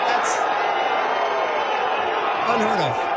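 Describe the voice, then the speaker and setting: A man hosting sports radio, telling stories in an animated, slangy way, calling people dude. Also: fairly high pitch, slow, long pauses, a loud crowd. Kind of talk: excited sports radio storytelling. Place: radio studio.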